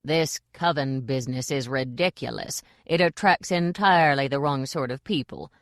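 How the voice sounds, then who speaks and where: A woman voicing a proud, stern old witch woman who speaks quietly and growls her words in an audiobook. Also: very deep voice, normal speed, no room sound, clean studio sound. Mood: growling. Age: older. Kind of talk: audiobook character voice.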